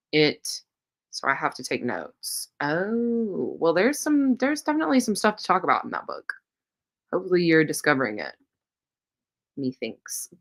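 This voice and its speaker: Low-voiced chatty woman hosting a livestream. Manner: chatty, reads viewer comments aloud and answers them; tells rambling personal stories. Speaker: host of a reading sprint livestream. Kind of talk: casual livestream chat.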